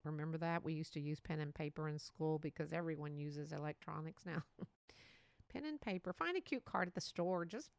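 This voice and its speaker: A woman hosting a casual solo podcast, talking in a chatty, animated way and laughing often. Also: deep voice, fairly quick, gravelly, smooth, no room sound. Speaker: podcast host.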